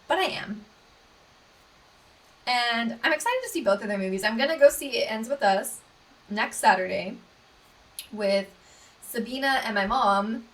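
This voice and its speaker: A woman's voice: fairly high pitch, a bit bright, distant mic. A young woman, hosting a casual solo podcast in a bubbly, gushing way, full of fillers. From Texas. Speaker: podcast host.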